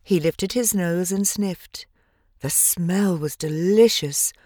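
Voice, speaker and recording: A woman narrating a children's storybook in a measured, gentle, expressive way. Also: fairly low pitch, no room sound, clean studio sound. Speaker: audiobook narrator.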